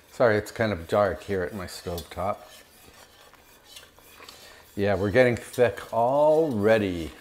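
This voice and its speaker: Slow, chatty man cooking at home. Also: fairly low pitch, darkish tone. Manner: chatty and enthusiastic, talks while tasting. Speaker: cooking channel host. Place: home kitchen at the stove. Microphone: camera mic, moved at times.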